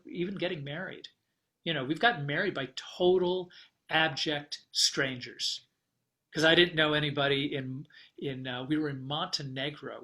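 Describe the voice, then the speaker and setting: A man being interviewed as a guest travel writer, telling a story in an animated, rambling way with fillers and restarts. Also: fairly high pitch.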